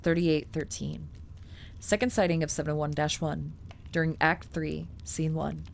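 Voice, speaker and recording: Low-voiced woman streamer reading aloud. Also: flat delivery, normal speed, creaky, slight background noise. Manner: chatty, filler-heavy, swears freely. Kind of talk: reading aloud with casual asides.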